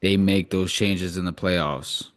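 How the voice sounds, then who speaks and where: A man's voice: low voice, fairly even intonation, slow pace. A young man co-hosting a casual sports podcast, talking bluntly and swearing freely. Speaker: podcast co-host.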